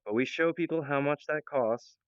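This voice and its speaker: A man talking in an excitable, rambling improvised monologue, jumping between ideas and restarting his sentences. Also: on the high side, moderate pace, smooth, no echo. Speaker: video creator. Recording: dull, lo-fi, dry sound.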